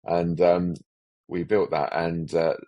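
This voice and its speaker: A man's voice: deep voice, little pitch movement, slow, no echo, dull audio. An older man, a special effects veteran rambling through anecdotes as a podcast guest, often restarting sentences. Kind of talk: casual podcast interview.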